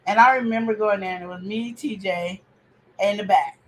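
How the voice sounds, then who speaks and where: A woman hosting a family podcast chat, talking in an animated, opinionated way with preachy outbursts. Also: mid-range voice, normal speed, slight background noise, low-quality recording. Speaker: podcast host.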